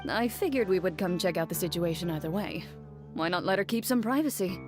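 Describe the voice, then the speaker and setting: A woman playing a deadpan, reserved woman. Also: on the low side, fairly quick, over music, lightly acted. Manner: level, matter-of-fact, deadpan. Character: calm, reserved woman, dry and terse. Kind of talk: game voice acting.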